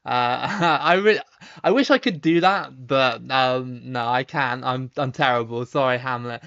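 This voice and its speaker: A man in his thirties with a Somerset accent, chatting casually on a live stream while reading viewer comments, relaxed, with lots of ums and restarts. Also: mid-range voice, measured pace, gravelly, clear, resonant tone, muffled recording. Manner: relaxed, chatty, frequent ums and repeated starts, laughs easily.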